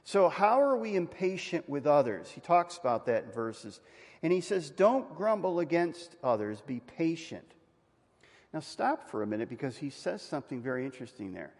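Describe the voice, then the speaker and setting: A male pastor preaching a conversational sermon, asking the congregation questions and rising to loud emphatic peaks. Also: a little high, very animated, moderate pace. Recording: long reverb of a hall.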